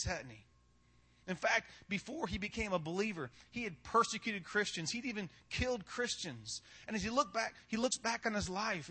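A man's voice: high voice, bright, forceful tone. A male pastor preaching a sermon in a casual, conversational way, tossing in rhetorical questions and humor.

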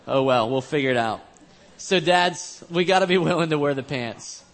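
A man's voice: a little high, lively intonation, normal speed. A man preaching in a church as pastor, telling a family story in a casual, joking, conversational way. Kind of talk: storytelling sermon.

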